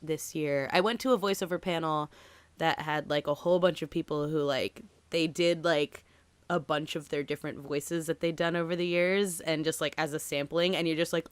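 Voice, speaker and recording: A woman from Massachusetts co-hosting a podcast, chatting in a lively way, laughing often and saying "like" a lot. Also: low-pitched, normal speed, no echo. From Massachusetts, USA. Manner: animated, laughing, lots of "like". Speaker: podcast co-host. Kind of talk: casual chat.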